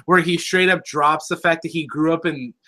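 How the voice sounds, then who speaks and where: A young man from California co-hosting a show, chatting excitedly as a fan and slipping into jokey impressions. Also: on the high side, moderate pace. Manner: animated, swearing, jumps between jokes and impressions. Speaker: podcast co-host.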